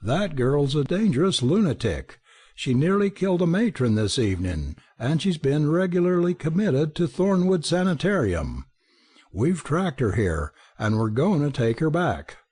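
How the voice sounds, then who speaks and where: A man's voice: on the high side, big pitch swings, normal speed, warm tone, husky, voice pushed up. A man voicing a blunt, stubborn asylum attendant. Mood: insistent. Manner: curt, insistent.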